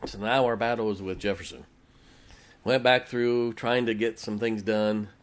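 A pastor with a somewhat low male voice tells a story from the pulpit. He is folksy and animated, and he acts out the conversations he quotes. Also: normal speed. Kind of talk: sermon storytelling.

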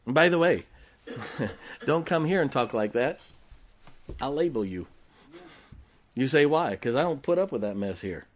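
A man's voice: mid-range voice, animated, unhurried, long pauses. A man preaching a sermon as pastor, emphatic, with rhetorical questions, joking asides and check-ins with the congregation.

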